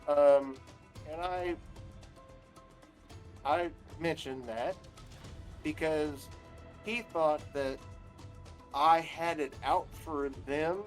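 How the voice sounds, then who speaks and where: A man in casual chat who tells rambling stories, profane and animated. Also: fairly high pitch. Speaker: guest on a talk stream.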